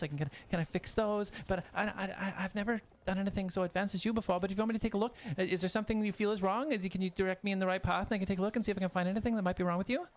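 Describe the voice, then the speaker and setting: A game master voicing an eager, nervous young woman who tinkers with automatons, in a very high, breathless voice during a tabletop game. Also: lightly acted. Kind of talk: tabletop game role-play.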